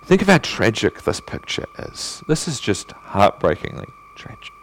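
A male pastor preaching a sermon in earnest, asking rhetorical questions and swinging between emphatic and hushed delivery. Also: on the low side, sing-song, normal speed, a little hiss or hum.

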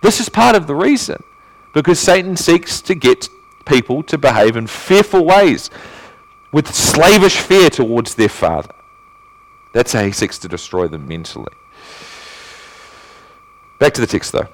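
A man preaching an expository sermon, asking rhetorical questions and repeating key phrases, climbing in pitch and force on his main points. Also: sing-song, poor audio. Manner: rises in pitch and volume when stressing points; reads scripture aloud in measured tone.

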